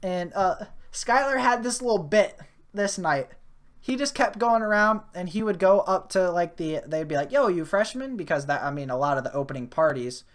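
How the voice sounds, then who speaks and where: A woman's voice: lowish voice, moderate pace. A young woman hosting a podcast, telling a casual story full of fillers and restarts. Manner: rambling with many fillers and restarts; grows animated and loud at the climax. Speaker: podcast host.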